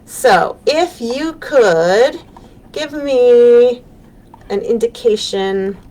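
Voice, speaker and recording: Lively American woman teaching little kids. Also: on the high side, extremely slow. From United States. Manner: gentle and encouraging, with frequent ums. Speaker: children's librarian. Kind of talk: live storytime lesson for young children. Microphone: webcam on a live stream.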